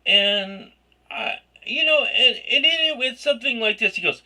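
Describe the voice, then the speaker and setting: A man telling an embarrassing story in a casual vlog rant, rambling and excitable, often bursting into loud shouts. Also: extremely high pitch, normal speed. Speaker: vlogger.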